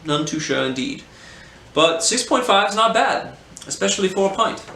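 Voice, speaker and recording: A man playing a put-on posh British beer snob, speaking theatrically with savoring pauses. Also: high-pitched, very animated, sharp tone, voice pushed up, exaggerated voice. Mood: playfully pompous. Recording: roomy echo, faint hum.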